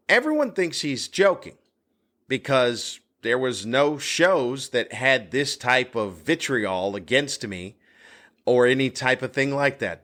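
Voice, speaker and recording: Animated male comedian telling a story. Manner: animated, voice jumps high when reliving the story; crude and blunt. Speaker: stand-up comedian and podcast host. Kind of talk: solo podcast storytelling.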